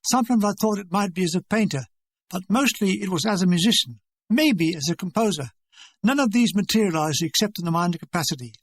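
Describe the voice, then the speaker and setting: A man's voice: high voice, animated, brisk, a bit bright, no echo. An older English man reading his own war memoir in a dry, wry, conversational way. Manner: dry, wry and conversational, acting out remembered dialogue.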